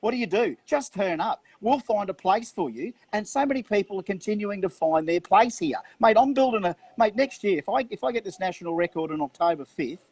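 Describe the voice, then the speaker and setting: An Australian man commenting on drag racing in an excited live chat, enthusiastic and stumbling over repeated words. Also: sits high, fairly quick, hardly any pauses, slightly rough, no room sound.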